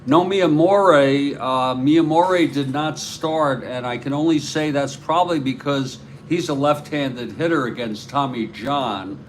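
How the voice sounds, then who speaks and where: A man from New York with a New York accent, calling a tabletop baseball replay in a slow, rambling way and chatting with viewers between plays. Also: medium pitch, slight background noise. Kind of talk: play-by-play of a board game with chat.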